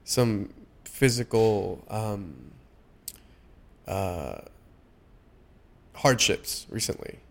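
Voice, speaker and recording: A young adult man sharing personal stories in a casual, heartfelt conversation, often pausing and restarting his sentences. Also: lowish voice, animated. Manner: halting, many restarts and fillers.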